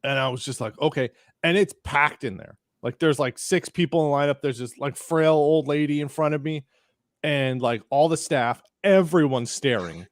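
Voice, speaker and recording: A man's voice: on the high side, moderate pace, dry recording, clean studio sound. A man hosting a podcast, telling a rambling anecdote in casual chat, full of restarts and acted-out quotes. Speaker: podcast host.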